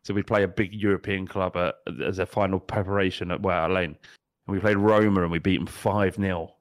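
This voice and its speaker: A man's voice: low voice, level tone, fairly quick. A man co-hosting a casual football podcast, joking and telling stories with frequent laughs. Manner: storytelling, jokey, laughs often. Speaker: podcast co-host.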